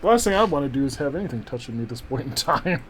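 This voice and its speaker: Playful, animated male streamer. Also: mid-range voice, rapid-fire, faint music behind. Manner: playful, jokes and mimics accents. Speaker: streamer playing a video game. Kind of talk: casual let's-play chat.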